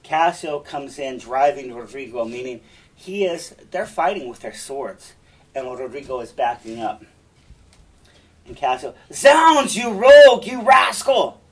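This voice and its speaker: A male teacher walks students through a play in a relaxed, chatty way, dropping asides to them. His voice sits back from the microphone in a mid-range pitch. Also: a little slow, recorded from a distance, poor audio. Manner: casual, chatty explaining with asides.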